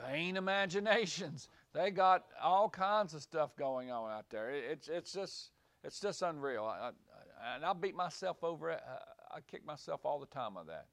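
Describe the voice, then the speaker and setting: A man's voice: fairly high pitch, animated, moderate pace, fairly bright tone, no room sound. A man preaching to a small group in a room, rambling and repeating words, then rising to emphatic points. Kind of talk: small-group Bible teaching. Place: small room with a few listeners.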